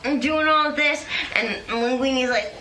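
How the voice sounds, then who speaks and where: A woman's voice: high voice, moderate pace, sharp tone. A young woman hosting a comedic chat, rambling playfully with lots of fillers. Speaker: host. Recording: echoey room with faint noise.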